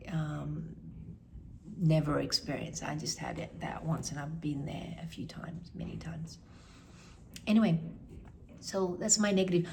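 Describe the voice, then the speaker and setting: A woman's voice: on the low side, creaky. A middle-aged woman chatting casually and frankly, rambling with many fillers. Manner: frank, opinionated. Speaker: vlogger. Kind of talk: casual review chat.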